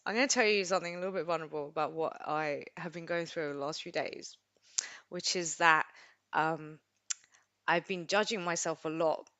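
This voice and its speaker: A woman's voice: low voice, a little fast, dry recording. Rambling, tearful woman live-streaming. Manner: rambling, expressive, self-deprecating. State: tearful, emotional. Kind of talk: unscripted live stream talk.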